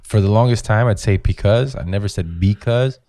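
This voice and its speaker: Low-voiced comedian, loose and profane. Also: male voice, quick pace, warm tone. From Mexican-American. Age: 40s. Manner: loose, profane storytelling that jumps into mocking quoted voices. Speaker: comedian guest. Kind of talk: casual podcast chat.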